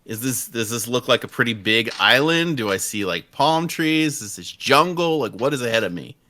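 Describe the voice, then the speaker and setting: A man's voice: mid-range voice, animated, moderate pace, bright, forceful tone. A man playing a tabletop game who asks curious questions about the scene. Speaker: player.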